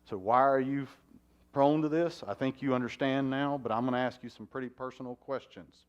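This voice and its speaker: A fire chief speaking to a conference audience, animated and asking the room questions. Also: male voice, mid-range voice, fairly quick, clean tone, muffled recording. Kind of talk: conference talk. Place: conference hall.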